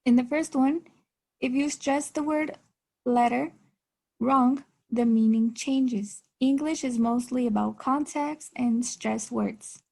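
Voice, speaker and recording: A young woman giving a class presentation with a slightly high voice. She explains step by step and often breaks off and restarts her sentences. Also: slow, vocal fry, dark tone. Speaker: student presenter.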